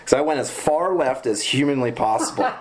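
A man who is a river guide, telling trip stories in a casual interview, animated and laughing as he relives the action. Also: mid-range voice, fairly quick, a little hiss or hum. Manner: animated, laughs and shouts when retelling action.

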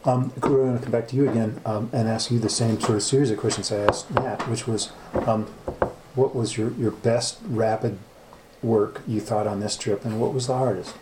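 A man's voice: fairly low pitch, steady tone, a little fast, noisy background. A man hosting a casual interview, asking easygoing questions about the trip. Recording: echoey room.

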